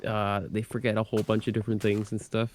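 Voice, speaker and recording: A man with a lowish voice chats with friends over a call, recalling a story at an easy pace. His audio carries a clear layer of background noise. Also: fast talker. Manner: relaxed, storytelling, easy laughter. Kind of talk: casual chat.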